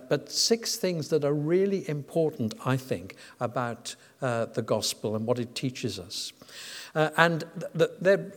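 A man preaching a sermon in a conversational manner, with frequent fillers and restarts. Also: fairly high pitch. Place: church. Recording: church with long reverb.

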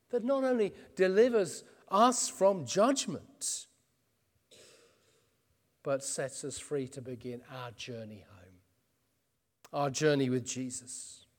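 A man preaching an earnest expository sermon. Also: fairly high pitch. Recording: long reverb in a church hall.

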